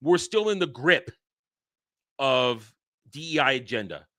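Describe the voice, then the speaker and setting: A man hosting a casual livestream, rambling and excitable, swearing and swinging between loud outbursts and low muttering. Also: a little slow. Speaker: streamer host.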